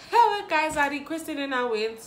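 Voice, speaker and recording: Young south african woman spilling a story, bit high voice, lively and dramatic, echoey room w faint hum. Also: moderate pace. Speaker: YouTuber. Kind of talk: storytime vlog.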